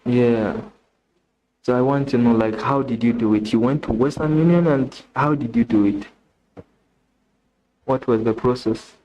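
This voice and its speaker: A young man with a Ugandan English accent chats casually on a live stream, reading messages aloud and thinking out loud with restarts and questions. His mid-range voice is unhurried with frequent pauses, and the sound is lo-fi.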